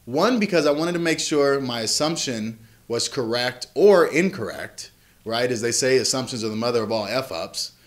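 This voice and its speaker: A man's voice: medium pitch, lively intonation, moderate pace. Earnest father telling a personal story. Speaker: vlog host, father. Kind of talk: reflective personal story to camera.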